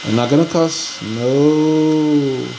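A man's voice: a little high, extremely slow, background noise. Frustrated man venting in an echoey room. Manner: frustrated, rambling, says he is pissed off; hesitant, restarts and fillers, talks to viewers as guys. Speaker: RC hobby vlogger. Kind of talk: casual vlog chat. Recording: echoey room, faint ambience.

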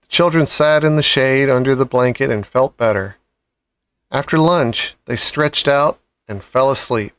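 Calm man reading a children's novel. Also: mid-range voice, a little slow, clean tone, no echo. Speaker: audiobook reader. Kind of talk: storybook narration.

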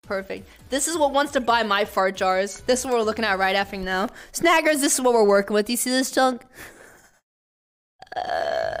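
A young woman streaming live, chatting casually with her viewers and often breaking into shrieking shouts and laughter. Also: on the high side, normal speed, soft background music. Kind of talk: casual livestream chat.

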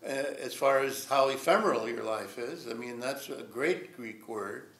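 A man's voice: mid-range voice, moderate pace, fairly bright tone. An older man giving a rambling, reflective storytelling lecture at a college, chuckling often. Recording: echoey lecture room.

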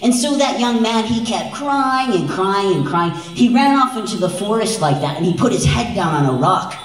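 A man from Wisconsin telling a traditional story on stage at an event, lively and drawing in the crowd with frequent questions. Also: high voice, moderate pace, faint music behind. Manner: lively, engaging the audience with frequent "right?". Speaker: storyteller and dance presenter. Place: large event hall. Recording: echoey hall, voice from far off.

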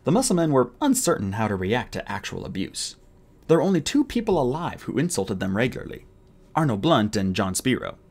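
A man reading an audiobook aloud in an expressive narrating style. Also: medium pitch. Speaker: audiobook reader.

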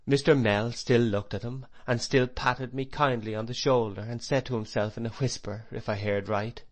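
An audiobook narrator with a lowish voice reads a classic novel aloud. His scripted delivery is measured and expressive.

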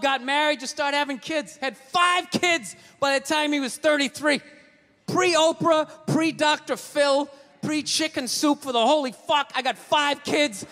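A man's voice: extremely high pitch, moderate pace, sharp tone, long reverb tail. A man doing stand-up comedy on a stage, ranting profanely with rhetorical asides.

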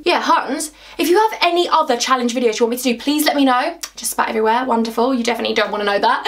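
A young woman chats through a makeup challenge in her bedroom. Her voice sits slightly high, and she gushes and talks to herself as she works. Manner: bubbly, gushing, talks to herself. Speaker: beauty vlogger. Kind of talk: excitable makeup vlog. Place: home bedroom.

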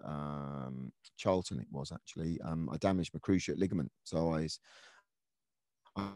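A former footballer, now middle-aged, tells stories of his playing career as a guest on a podcast, sounding earnest and reflective. He often pauses, restarts, and leans on fillers in this relaxed interview. The recording is close and dry with no room sound, capturing his very low, mellow voice.

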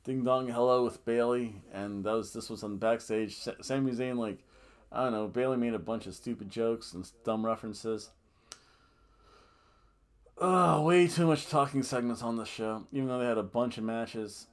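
A man talks through a wrestling show in a loose, rambling podcast chat. He gets animated and jokey, laughing at his own asides and booing in mock outrage. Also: mid-range voice, brisk. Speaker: podcast host. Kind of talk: casual wrestling review chat.

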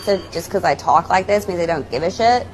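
A woman plays a barista in a comedy sketch, using an affected, creaky drawl. She talks quickly in a slightly low voice, sounding defensive and nonchalant, with a faint hiss in the background. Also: expressive, darkish tone, rough recording.

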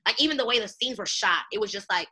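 A woman hosting a casual TV recap chat with a friend, animated and slangy. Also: mid-range voice, fast talker. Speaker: YouTube channel host.

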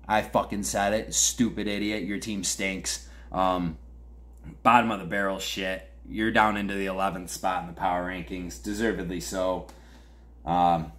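A man's voice: low-pitched, fairly bright tone. A young man with a Western New York accent hosts a podcast, trash-talking his fantasy football league in a crude, mock-angry rant. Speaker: podcast host.

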